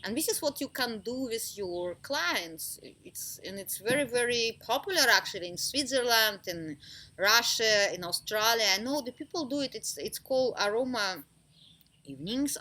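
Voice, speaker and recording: Bright-voiced laughing woman teaching oils. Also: medium pitch, normal speed. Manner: lively, laughs often, simple broken English. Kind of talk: informal talk to a small group.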